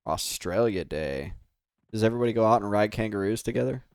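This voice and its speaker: An American man livestreams a game, chatting casually and rambling with his viewers while laughing often. His voice is on the low side, animated, a little fast, and darkish, captured in a dry, clean studio recording.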